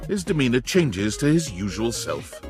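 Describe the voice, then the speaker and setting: A man's voice: mid-range voice, sing-song, normal speed, a little mellow, faint music behind, lightly acted. A man reading scripted second-person narration in a video game.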